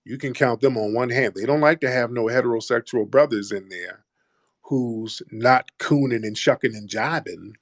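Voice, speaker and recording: A man's voice: medium pitch, moderate pace, no room sound. A man hosting a call-in talk show, speaking bluntly and mocking callers. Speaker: host.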